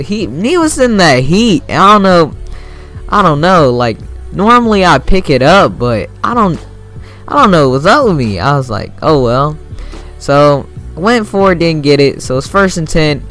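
A young man giving casual, excitable commentary over his own video game match, swearing freely and bursting into sudden yells. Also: on the high side, normal speed, soft background music. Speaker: gaming YouTuber.

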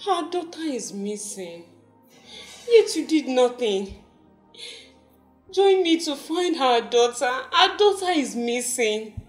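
A woman's voice: sits high, sing-song, slow pace, long pauses, slightly rough, soft background music, heavily acted. An actress with a Nigerian accent playing a desperate mother pleading and crying over her missing child in a gospel film. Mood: angry. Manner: pleading, anguished, tearful.

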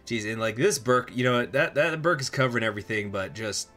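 A man's voice: mid-range voice, fairly quick, a bit bright, soft background music. A young man streaming a strategy game live, chatting in a rambling way and reacting aloud to what happens on screen.

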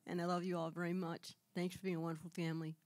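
A woman shares a testimony in a church sanctuary. Her voice is fairly low, and the sound is dry and close. She speaks from the heart, holding back tears and pouring words out in quick bursts. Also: little pitch movement, darkish tone, dry recording. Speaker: church member giving testimony.

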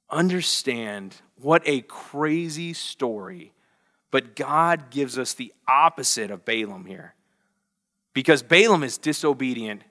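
A young adult man preaching a lively sermon, telling a story with big energy and acting out the voices in quotes. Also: mid-range voice. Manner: animated, acts out voices in quotes. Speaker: pastor.

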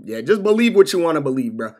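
Male streamer, casual and profane, pitch leaping up and down, slightly high voice. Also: quick pace, a little hiss or hum. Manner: animated, exclaiming, profane, says bro constantly. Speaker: live streamer. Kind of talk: casual live-stream reaction commentary.

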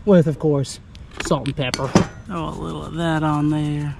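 A man talking casually to camera outdoors on the coast as he cooks and eats his catch, upbeat and chatty, thinking out loud. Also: on the high side, fairly even intonation, normal speed, vocal fry, very noisy. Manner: upbeat, chatty, talks to himself while deciding. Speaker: outdoor adventure vlogger. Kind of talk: casual narration to camera while cooking.

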